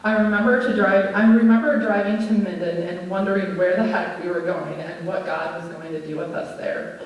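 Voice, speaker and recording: A woman's voice: lowish voice, fairly even intonation, normal speed, highs cut off. A woman, a pastor's wife giving an earnest, personal anniversary speech read from her notes in a church. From Minnesota, USA. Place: church sanctuary. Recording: echoey church hall, mic from a distance.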